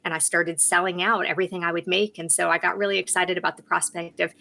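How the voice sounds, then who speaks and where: A woman's voice: lowish voice, flat delivery, fast, vocal fry, pushed and bright, a little hiss or hum. A woman entrepreneur, a guest on a talk show, earnestly explaining her business. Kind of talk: interview explanation.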